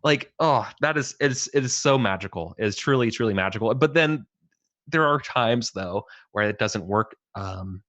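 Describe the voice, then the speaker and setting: A man co-hosting a podcast in casual conversation, halting and restarting with fillers and repeated words. His voice sits at a middle pitch and is recorded dry, without room echo. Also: animated, fairly bright tone. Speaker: podcast co-host.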